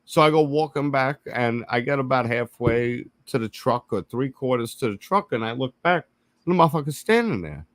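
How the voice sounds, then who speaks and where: A man's voice: mid-range voice, normal speed, dry recording. A man telling a story in casual chat, swearing freely and acting out the quotes. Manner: profane, animated, acts out quotes. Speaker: podcast co-host.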